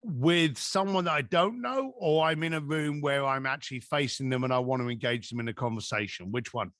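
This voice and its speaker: A man as a podcast guest, giving advice through animated stories and acting out quoted dialogue. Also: mid-range voice, brisk, dry recording, clean studio sound. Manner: acts out quoted dialogue with lively voices.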